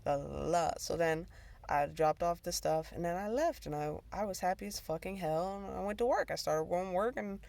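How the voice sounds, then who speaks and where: A woman with a fairly low, darkish voice and some vocal fry talks briskly as she hosts her own talk show. She tells a personal story casually, rambling and swearing, with bursts of laughter along the way.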